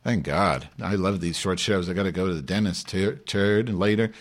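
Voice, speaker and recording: Here the voice is low-pitched, at normal speed and close to his everyday voice. The man improvises as a brash, profane Jewish woman hosting a live online show, grumbling and rambling through abrasive rants.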